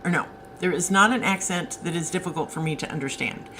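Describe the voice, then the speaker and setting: Woman, author, casual live-stream chat, answers viewer comments, lower pitch, bright tone. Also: quick pace, a little hiss or hum, low-quality recording. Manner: chatty, answers viewer comments as they come in.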